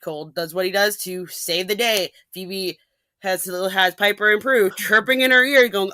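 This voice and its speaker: A woman ranting animatedly in a casual podcast chat, with quick asides and restarts. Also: medium pitch, fairly even intonation, bright, forceful tone, no room sound. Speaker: podcast guest.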